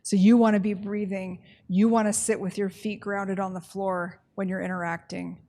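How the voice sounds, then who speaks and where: A woman leading a staff training workshop, talking in a brisk, conversational way and often checking in with the group. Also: mid-range voice, flat delivery, mellow.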